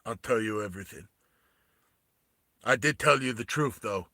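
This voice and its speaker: A man voicing a grim male mercenary leader who confesses his plans in a low, subdued voice. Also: normal speed, creaky, bright, forceful tone, no room sound.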